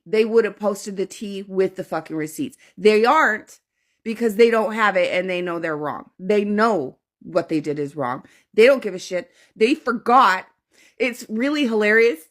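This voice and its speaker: A woman talks straight to camera in a loose, heated rant. She swears freely, circles back to her points and keeps checking in with "okay?". Her voice sits in a middle pitch. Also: fairly bright tone. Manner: blunt, profane, repeats points with "okay?". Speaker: social media commentator.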